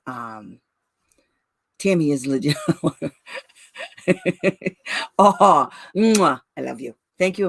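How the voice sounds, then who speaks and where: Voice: medium pitch, a bit bright, dry recording. Blunt advocate on a live stream, laughs a lot, calls folks honey, dry room. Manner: blunt and brash, laughs often; calls listeners "girl" and "honey". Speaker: special education advocate. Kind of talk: casual livestream talk to parents.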